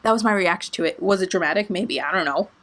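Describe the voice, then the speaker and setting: Young woman, storytime vlogger; lively, swears casually, very expressive. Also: fairly low pitch, fast talker. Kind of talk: storytime vlog.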